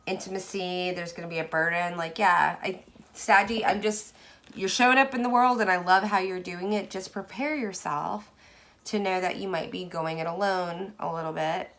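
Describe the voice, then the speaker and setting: A woman chatting casually through a tarot reading, effusive, moving from hushed asides to excited bursts. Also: on the low side, moderate pace. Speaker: tarot card reader.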